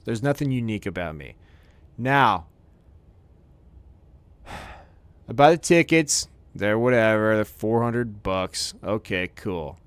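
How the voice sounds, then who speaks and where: A man's voice: medium pitch, smooth, no room sound. A man in his thirties hosting a podcast, ranting in a profane, rambling, worked-up way, recorded close on a studio mic. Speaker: podcast host. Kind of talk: comedic ranting monologue.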